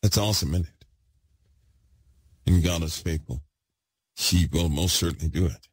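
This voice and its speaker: A man preaching with great excitement, repeating himself for emphasis and swinging from loud bursts to hushed asides. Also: low voice, normal speed, husky, no room sound. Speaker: podcast host preaching. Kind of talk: impassioned preaching.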